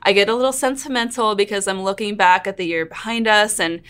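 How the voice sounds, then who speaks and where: A woman's voice: medium pitch, a little fast, a bit bright, clean tone. Earnest woman host, emotional chat. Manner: earnest, open and emotional, laughs and nearly cries. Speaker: real estate coach and YouTube host. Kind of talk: intro narration then casual one-on-one chat to camera.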